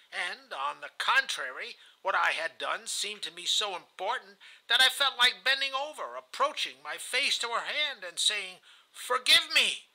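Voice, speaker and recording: A man's voice: high voice, bright, forceful tone, low-quality recording. A man reading a novel aloud in the first person, earnest and confessional. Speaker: audiobook reader.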